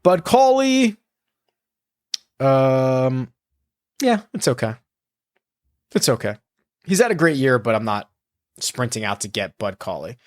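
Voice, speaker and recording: A man's voice: medium pitch, sing-song, slow, pauses often, no room sound. Rambling man with a dry, close voice. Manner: rambling, self-correcting, thinks aloud. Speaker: fantasy golf podcast host. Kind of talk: casual solo analysis.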